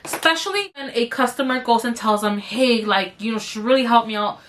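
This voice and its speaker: A young woman vlogger telling a workplace story while doing her makeup, animated and swearing freely, her throat slightly strained. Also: fairly high pitch, a little fast, slight background noise. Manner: animated, swearing, addresses viewers as you guys. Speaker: beauty vlogger.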